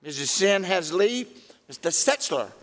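Bright-voiced clerk calling the roll. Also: male voice, high voice, sing-song, measured pace. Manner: reads names in a clipped, formal rhythm. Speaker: reading clerk. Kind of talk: roll-call reading. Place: legislative chamber. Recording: long hall reverb.

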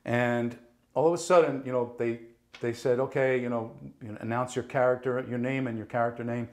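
In a casual interview, an actor from New Jersey recounts tales from his career with plenty of energy. His pitch is medium and his delivery brisk; he acts out the voices of people he quotes and drops the occasional swear word.

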